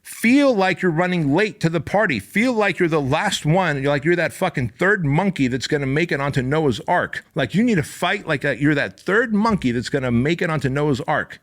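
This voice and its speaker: A middle-aged man hosting a podcast, giving an intense, profane motivational monologue that climbs into fervent, near-shouted passages. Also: a little high, animated, moderate pace, few pauses. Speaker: podcast host.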